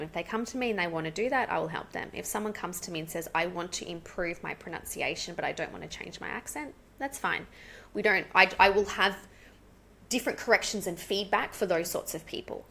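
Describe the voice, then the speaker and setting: An Australian woman, an English pronunciation coach, explaining her teaching earnestly and practically in an interview, slowing down to demonstrate word stress. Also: fairly low pitch, vocal fry, fairly bright tone. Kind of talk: explanatory casual interview talk.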